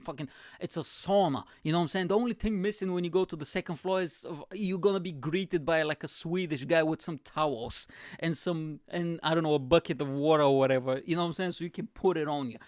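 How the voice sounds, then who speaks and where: Host, comic monologue, rambly and foul-mouthed man, slightly high voice, dry close sound. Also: fairly quick, no echo. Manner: rambling, sweary, animated storytelling. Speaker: podcast host. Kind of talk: comedic monologue.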